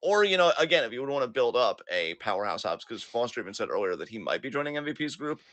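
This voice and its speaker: A man trading casual banter on a wrestling podcast. His voice is bright and swings widely in pitch. He laughs a lot and swears freely, and the sound is dry and close to the mic. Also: big pitch swings, quick pace, no echo. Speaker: podcast co-host.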